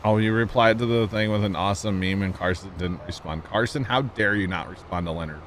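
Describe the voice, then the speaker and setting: A man's voice: on the low side, a little fast, slight background noise. A man streaming a farming game, chatting casually in a joking, wry way and talking to his chat. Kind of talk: casual chat while gaming.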